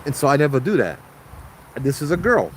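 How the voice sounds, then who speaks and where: A man, a ghost tour guide telling a story in an animated, casual way, acting out the people in it. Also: on the high side, brisk, slight background noise, low-quality recording. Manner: animated, acts out quoted voices.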